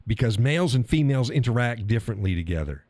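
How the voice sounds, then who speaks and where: A man's voice: medium pitch, very animated, quick pace, darkish tone, no echo. A middle-aged man hosting a live stream, talking casually in a blunt, profane way and laughing often. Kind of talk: casual opinionated monologue.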